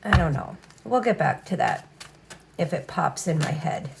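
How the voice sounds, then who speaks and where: Over slight background noise, a woman with a lowish, creaky, animated voice reads tarot casually at a normal pace. Her style is blunt and profane, punctuated again and again by "all right."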